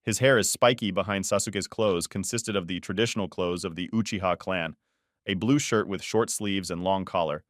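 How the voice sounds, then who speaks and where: A man reads a fan story aloud in a flat, even narration. His voice sits low and the sound is dry, with no room around it. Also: normal speed, dry recording.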